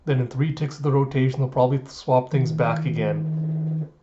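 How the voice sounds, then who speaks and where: A man's voice: medium pitch, moderate pace, dull audio, background noise, natural voice. A man reading the lines of an eager teenage boy breaking down a match, in his own everyday voice. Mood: focused.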